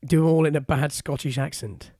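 A man co-hosting a podcast in casual chat, chatty and jokey, quick to argue a point. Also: on the high side, darkish tone, no echo, clean studio sound. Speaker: podcast co-host.

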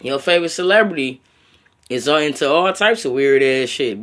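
A man's voice: on the high side, animated, normal speed, fairly bright tone. A young man hosting a solo podcast in a loose, profane, rambling way, talking straight at his listeners and ending lines with slang tags like bro and my friend. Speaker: podcast host. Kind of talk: casual solo podcast rant.

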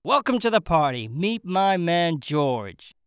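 Narrator voicing a loud, brash party guy. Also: a little high, very animated, normal speed, clean tone, dry recording, clean studio sound, voice pushed up. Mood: hearty. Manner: loud and hearty. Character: brash, cheerful party-loving man.

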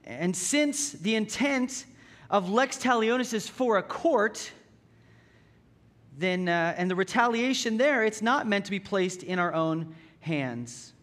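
A man's voice: high voice, lively intonation, slow, fairly bright tone. A man preaching a sermon in a conversational way, reading scripture and asking the congregation rhetorical questions. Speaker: pastor.

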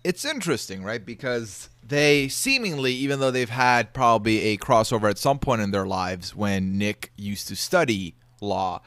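A man's voice: fairly low pitch, animated, moderate pace, few pauses, a bit bright, dry recording. A man co-hosting a podcast, thinking aloud tentatively and often seeking agreement. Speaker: podcast co-host. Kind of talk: casual chat speculating about a show.

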